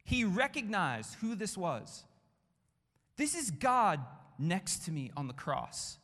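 A man's voice: high-pitched, very animated, slow pace. Impassioned male preacher in a reverberant hall. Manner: impassioned, rhythmic repetition, drops to hushed tones. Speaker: pastor. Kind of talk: sermon.

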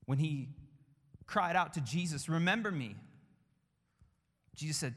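A man preaching a sermon with passion, building through repeated phrases and dropping to hushed tones. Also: medium pitch, moderate pace, long pauses. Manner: impassioned, rhythmic repetition, drops to hushed tones. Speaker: pastor. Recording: long hall reverb.

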